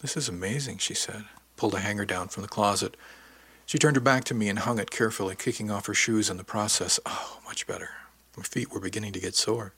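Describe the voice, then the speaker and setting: A man with a husky voice reading a first-person story for a podcast in a measured, intimate way. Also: lowish voice, steady tone, fairly bright tone, dry recording. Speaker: podcast audiobook narrator. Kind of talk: scripted first-person narration.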